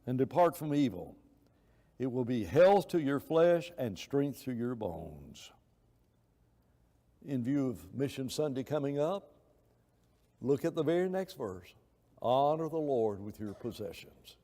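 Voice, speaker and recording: A man's voice: medium pitch, very animated, measured pace, mellow. A man teaching a Bible class in a conversational, rambling way, telling anecdotes and acting out quoted voices. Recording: long reverb of a church hall.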